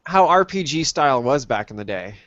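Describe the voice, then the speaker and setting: A man hosting a casual chat about old games, rambling with many pauses and ums. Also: mid-range voice, sing-song, a bit bright, dry recording. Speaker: podcast host. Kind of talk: casual chat over gameplay. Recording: dull lo-fi sound, dry.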